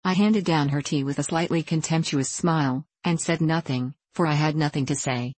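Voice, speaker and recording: A woman narrating a classic novel as an audiobook reader, measured and even. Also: deep voice, dry recording.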